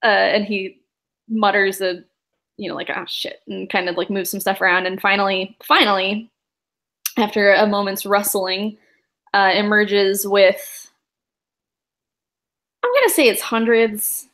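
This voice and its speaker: Woman game master, casual rambling narration full of fillers, mid-pitched. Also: unhurried, long pauses, fairly bright tone. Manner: rambling, many fillers and laughs.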